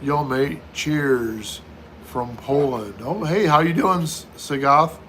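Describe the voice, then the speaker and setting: Slightly high and fairly bright, this man's voice takes its time, with a little hiss or hum underneath. A middle-aged host from the United States, he runs a laid-back livestream where he reads out viewer comments and responds to each.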